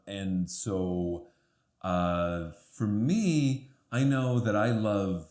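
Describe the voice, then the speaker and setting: Man, podcast guest, low-ish voice, reflective, filler-heavy casual chat. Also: very slow, a little mellow. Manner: reflective, with many fillers and restarts.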